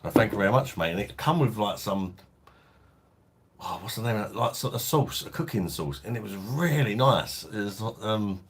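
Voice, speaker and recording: A man's voice: lowish voice, animated, moderate pace, breathy edge. A man hosting a casual beer review livestream, chatting laid-back and reading out viewer comments. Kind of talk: casual live-stream chat.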